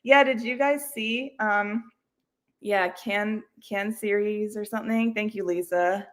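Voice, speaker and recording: A woman speaks slowly with a medium pitch and fairly even intonation as she hosts a casual livestream. Her talk is rambling and chatty, full of laughter and self-mockery.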